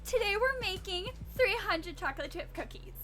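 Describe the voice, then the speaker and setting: A woman putting on an overly polite, bright customer-service voice as a pretend baking-show host. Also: very high-pitched, very animated, normal speed, faint music behind, pitched above the performer's own voice, exaggerated voice. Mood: chirpy.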